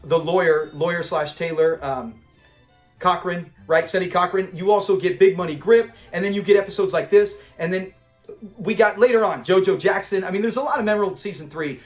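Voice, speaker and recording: Man, high voice, casual episode breakdown, rambling fan enthusiasm, faint music. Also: a little fast, highs cut off. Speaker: host of a show-review channel.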